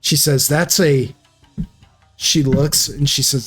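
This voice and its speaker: A man's voice: on the high side, fairly even intonation, slow pace, pauses often, fairly bright tone. A man narrating as game master of a tabletop game, hesitant and full of fillers, voicing characters in quotes. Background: background music.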